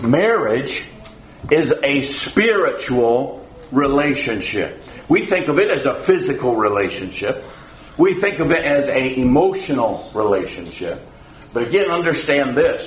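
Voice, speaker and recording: A man preaching a sermon to his congregation in a folksy, halting way, often pausing on "uh" and chuckling. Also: medium pitch, roomy sound, low-quality recording. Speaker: pastor.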